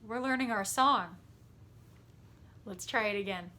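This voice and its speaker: A woman music teacher giving a warm, patient lesson to children from her home over a computer microphone, chatty and quick to laugh. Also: mid-range voice. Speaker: elementary school music teacher. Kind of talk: gentle, encouraging virtual lesson for children.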